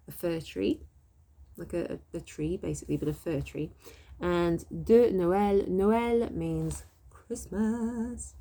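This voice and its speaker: Woman, middle-aged, French teacher, gravelly low voice, mellow tone, chatty step-by-step explaining. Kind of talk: casual online language lesson.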